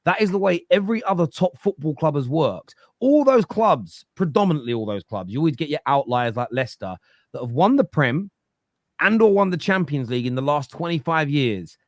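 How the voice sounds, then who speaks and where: A man's voice: on the high side, sing-song, fairly quick, no echo, clean studio sound. A man giving football opinions on a fan show, emphatic and lecturing, often repeating himself. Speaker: football pundit. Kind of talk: animated football opinion talk.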